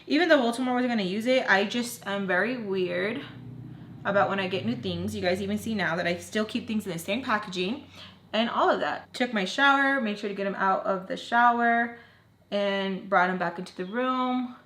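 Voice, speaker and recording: A young woman in her twenties telling an emotional storytime for her vlog, animated and dropping in Spanish slang. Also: medium pitch, normal speed. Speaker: vlogger. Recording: echoey room.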